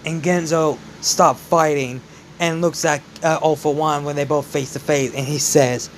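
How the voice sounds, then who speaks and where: A man narrating a fan-made story in a casual, halting way with many restarts. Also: fairly high pitch, fairly even intonation, a little hiss or hum.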